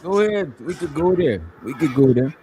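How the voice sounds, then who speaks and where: A man's voice: a little high, lively intonation, fairly quick, noisy background. A man on an online voice-chat panel, mocking the other speaker and cutting in again and again with repeated phrases. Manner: mocking, cuts in with "wait a minute", repeats himself.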